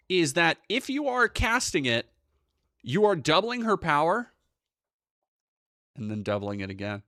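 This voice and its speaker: Animated, swearing young male streamer. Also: a little high, no room sound, clean studio sound. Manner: profane, animated, rambling. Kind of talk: casual live-stream commentary.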